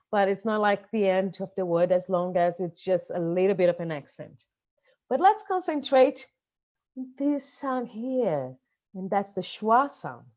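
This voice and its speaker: A woman with a Brazilian Portuguese accent, a native Portuguese speaker, teaching English pronunciation to teachers and slowing down to model sounds. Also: mid-range voice, a little mellow. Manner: explanatory, modelling sounds slowly for learners. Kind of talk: online lesson for teachers.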